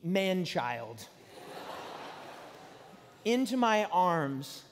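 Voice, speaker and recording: A man's voice: high voice, lively intonation, normal speed, slight background noise. Preacher, man, 40s, tenor voice, dramatic live sermon with hall reverb. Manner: storytelling, dramatic swings from loud to hushed. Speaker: pastor. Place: large hall.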